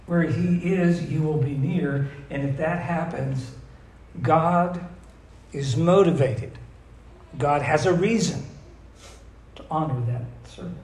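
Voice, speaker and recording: A man's voice: a little high, darkish tone. Emphatic male preacher in echoey room. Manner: emphatic, asks the audience questions, reads verses slowly. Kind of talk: sermon teaching on scripture.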